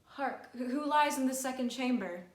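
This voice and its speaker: A woman playing Macbeth, a shaken male lord just after a murder, hushed and trembling, in an amateur Shakespeare reading. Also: sits high, normal speed, close to an everyday voice. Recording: echoey room.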